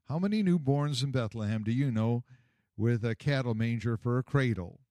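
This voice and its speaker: A man voicing an eager teenage shepherd boy who speaks earnestly and deliberately in a storybook reading. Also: medium pitch, a little mellow, no room sound, close to an everyday voice. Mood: cheeky.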